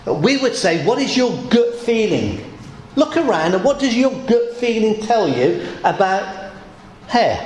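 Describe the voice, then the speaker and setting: A man preaching a sermon to a congregation, leaning hard on key phrases and repeating them slowly, with dry asides. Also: high-pitched, a little hiss or hum. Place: church hall. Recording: echoey church hall.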